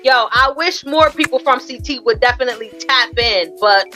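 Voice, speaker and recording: A woman from Connecticut co-hosts a podcast in relaxed, casual chat. Her voice is high and bright, and she explains her points in an easygoing way, circling back on the same phrases. Faint music sits behind her. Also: moderate pace, poor audio. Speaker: podcast co-host.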